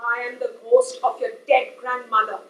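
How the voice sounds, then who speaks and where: A woman playing a pushy, eccentric nanny on stage, theatrical and swinging from cooing to shouting. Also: a little high, level tone, moderate pace, slight background noise, natural voice. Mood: chatty. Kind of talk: live stage comedy acting. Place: community hall stage. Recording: echoey hall from a stage.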